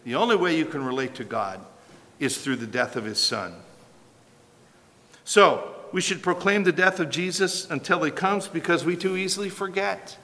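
A man's voice: on the high side, animated, normal speed, bright, forceful tone. A man preaching a sermon as pastor, emphatic and repetitive, often asking the congregation questions. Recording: long hall reverb.

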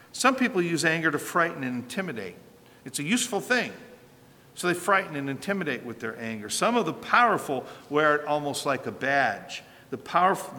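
A pastor preaches a sermon in a reverberant hall with faint ambience, his high voice pushed and bright. He is emphatic, rising and falling in force, and poses rhetorical questions.

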